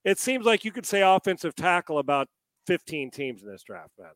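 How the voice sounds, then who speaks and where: A man's voice: a little high, very animated, a little fast, a bit bright, no room sound. Chatty man posing rhetorical questions, dry sound. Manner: rambling, fires off rhetorical questions. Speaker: sports show co-host. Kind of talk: casual sports talk.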